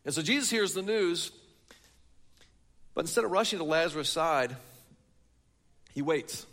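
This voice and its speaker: A man's voice: fairly high pitch, animated, a little slow, a bit bright. A man preaching a sermon in a church hall, telling a story and building it with rhetorical questions. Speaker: pastor.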